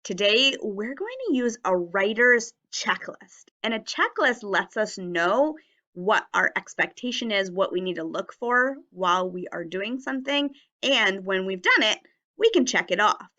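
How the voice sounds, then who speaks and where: Slow, bright-voiced woman teaching children. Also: mid-range voice, animated. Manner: slow, clearly enunciated, modelling words for young children. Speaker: elementary teacher. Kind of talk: phonics and writing lesson video.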